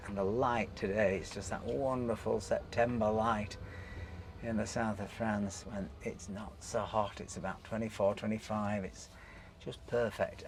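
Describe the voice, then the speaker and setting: Chatty man with a gravelly voice. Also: fairly low pitch, a little hiss or hum. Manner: chatty and enthusiastic, admiring the scenery. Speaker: vlog host. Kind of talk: casual travel commentary while driving. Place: inside a small electric car on village streets.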